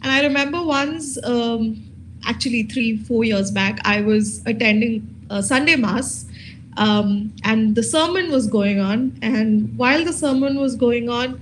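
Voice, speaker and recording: A woman in her thirties speaks candidly at a conference panel, pausing often with fillers and restarting her sentences. Her voice sits a little higher than most women's. A faint hiss runs under the talk. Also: poor audio. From India. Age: 30s. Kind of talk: personal testimony at a conference.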